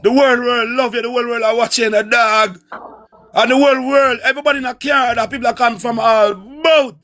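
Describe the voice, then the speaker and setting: A Jamaican man with a very high, bright voice pleads with a friend to calm down. He keeps calling his name, coaxing and urging him again and again. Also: moderate pace. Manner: urgent, coaxing, repeats name over and over. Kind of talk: pleading livestream talk.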